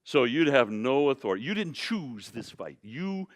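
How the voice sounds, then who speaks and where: A man voicing a calm, solemn Jesus. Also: medium pitch, normal speed, big-room sound, voice pushed up, lightly acted. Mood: solemn, earnest. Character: calm, battered Jesus speaking to a governor, male.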